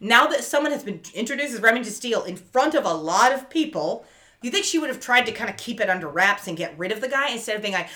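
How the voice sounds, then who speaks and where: A bright-voiced woman, a little high and quick, co-hosts a podcast recapping a TV episode. In casual chat she retells scenes with quoted voices, telling the story animatedly, laughing often and swearing casually.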